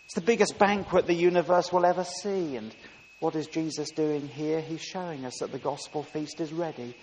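A man preaching a sermon with emphatic delivery, dropping soft and rising loud. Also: a little high, normal speed. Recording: long reverb with faint hiss.

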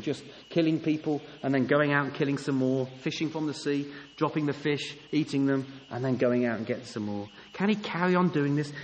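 A man's voice: a little high, slight background noise. Man preaching in a reverberant hall. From England. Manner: emphatic, rising to a raised voice on key points. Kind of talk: sermon. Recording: long hall reverb, faint ambience.

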